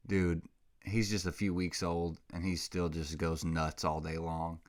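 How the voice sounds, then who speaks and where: A man's voice: deep voice, level tone, measured pace. A man hosting a casual solo podcast, rambling and self-mocking, a little out of breath, close on a microphone. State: slightly out of breath. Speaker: podcast host.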